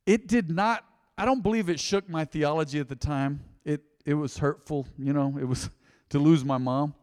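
A middle-aged man preaching a sermon in a church, boldly and with passion. He moves from quiet asides to loud, emphatic calls to the congregation. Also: a little high, normal speed, smooth. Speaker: pastor. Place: church sanctuary. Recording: long hall reverb.

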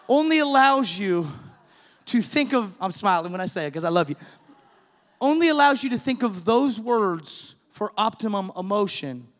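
Middle-aged male preacher, very high voice, impassioned sermon delivery, recorded in a big reverberant church hall. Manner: impassioned preaching, rising to shouts. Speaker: pastor. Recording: long reverb of a large hall.

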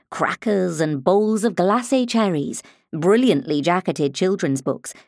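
A woman reading a crime novel as an audiobook, in an expressive storytelling manner. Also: lowish voice, dry recording, clean studio sound. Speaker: audiobook narrator. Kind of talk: scripted narration.

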